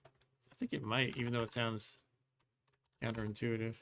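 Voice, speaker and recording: A man's voice: fairly low pitch, flat delivery, moderate pace, long pauses, fairly bright tone. Man thinking aloud over a game. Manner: thinks aloud, muses and second-guesses. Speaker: host. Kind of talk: let's play commentary.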